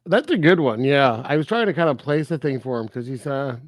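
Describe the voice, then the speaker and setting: A man's voice: mid-range voice, expressive, a little fast, no room sound, clean studio sound. A man co-hosting a podcast, chatting casually about a film, laughing often and rambling through loose sentences with fillers. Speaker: podcast co-host. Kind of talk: casual film review chat.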